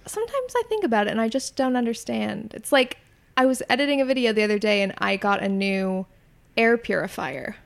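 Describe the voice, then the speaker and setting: A woman's voice: a little high, expressive, brisk, creaky. A Canadian woman in her late twenties, chatting casually and giggly as a podcast guest, full of likes and self-deprecating asides. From Canada, near Toronto. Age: late 20s. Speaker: guest, content creator.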